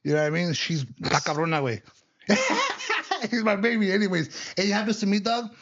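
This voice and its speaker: A man's voice: sits high, sing-song, normal speed, highs cut off, noisy background. A man talking as a podcast guest in casual chat, full of street slang, dropping Spanish words and calling everyone "dog.". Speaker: podcast guest, business owner.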